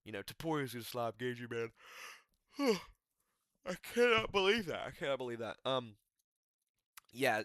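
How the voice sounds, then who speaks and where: Excitable young man, bright voice. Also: mid-range voice, clean tone, no room sound, clean studio sound. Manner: animated, rambling, slangy. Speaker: MMA commentator. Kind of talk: casual fight recap.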